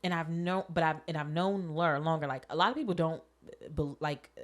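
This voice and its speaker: A young adult woman co-hosting a podcast, chatting casually and telling stories with animated quoted voices. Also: low-pitched, brisk. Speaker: podcast co-host. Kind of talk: casual chat.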